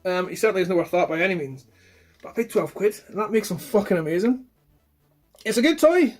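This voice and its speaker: A man's voice: high-pitched, a little mellow. A man chatting casually about his toy collection, rambling and blunt with plenty of swearing. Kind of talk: casual chat.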